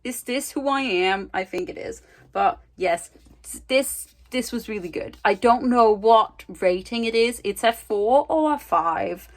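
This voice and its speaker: A woman's voice: fairly high pitch, expressive, measured pace, low-quality recording. A young woman in a casual reading vlog, talking chattily and with self-mocking humor from home into a handheld camera. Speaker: book vlogger.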